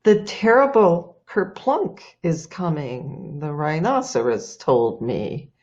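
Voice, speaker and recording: A woman's voice: sits low, very animated, slow pace, darkish tone, muffled recording, voice pushed down, heavily acted. A woman voicing a large trumpeting elephant in a told folktale. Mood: alarmed.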